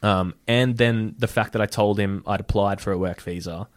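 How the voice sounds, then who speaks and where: A man's voice: fairly low pitch, steady tone, normal speed, dry recording, clean studio sound. A young man telling a long story in casual chat, rambling with lots of fillers and laughing often. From Australia. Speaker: storyteller guest.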